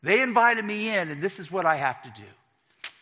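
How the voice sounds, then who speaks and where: Man, bright forceful voice, slightly high, animated storytelling, long hall reverb. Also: moderate pace. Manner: animated storyteller acting out dialogue. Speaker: speaker telling his life story. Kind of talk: personal testimony talk.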